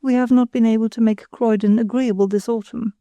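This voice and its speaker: A woman's voice: on the high side, fairly even intonation, a little fast, dark tone, no room sound, lo-fi sound, close to an everyday voice. A woman reading the part of a pretentious, self-satisfied married woman who chatters condescendingly. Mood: patronizing.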